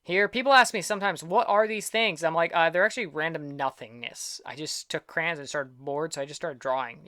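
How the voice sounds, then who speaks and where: A young man hosting an art channel, chatting casually at home and rambling cheerfully about his old drawings, quick to poke fun at himself. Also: on the high side, fairly bright tone, smooth, no room sound, studio quality. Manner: rambling, self-deprecating, upbeat. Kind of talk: casual chat.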